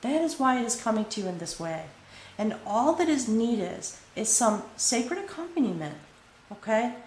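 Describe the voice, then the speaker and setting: A woman giving a spiritual tarot reading, earnest and full of pauses, often checking in with "okay?". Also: on the high side, sing-song, darkish tone, a little hiss or hum. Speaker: tarot reader. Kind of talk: spoken tarot reading to camera. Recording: echoey room with faint ambience.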